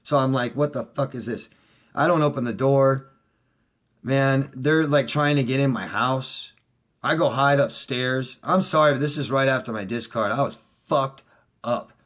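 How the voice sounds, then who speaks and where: A middle-aged man, a relationship coach, talking straight to viewers in a heated, profane way, swinging between loud outbursts and low, quiet stretches. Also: normal speed. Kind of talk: casual monologue to viewers.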